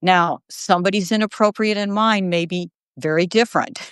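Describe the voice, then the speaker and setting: A middle-aged woman co-hosting a casual live conversation, talking in an animated way and now and then acting out the people she quotes. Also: on the low side, moderate pace, clean tone, no echo, clean studio sound. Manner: animated, quotes others in put-on voices. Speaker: journalist and co-host.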